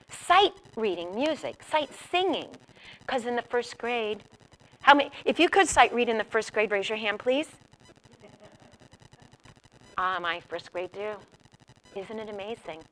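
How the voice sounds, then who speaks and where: Bright-voiced woman teacher in an echoey room. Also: fairly high pitch, unhurried, distant mic, a little hiss or hum. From northwest Ohio. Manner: lively, storytelling, quotes voices. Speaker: music teacher giving a workshop. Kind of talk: workshop talk to teachers.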